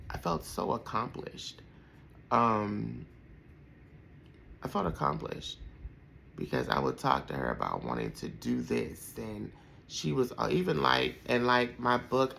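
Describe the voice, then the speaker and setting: A man in his thirties speaks with a deeply gravelly, creaky voice, his pitch rising and falling in a lively way. He talks through personal memories with heartfelt warmth, rambling and full of fillers. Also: slow, long pauses, slight background noise, rough recording. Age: 30s. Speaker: podcast host. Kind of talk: personal reflective storytelling.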